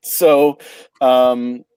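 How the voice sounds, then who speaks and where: A man from Canada hosting a casual talk show, halting and stammering with frequent restarts. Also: medium pitch, flat delivery, crowd noise. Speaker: podcast host. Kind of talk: casual chat.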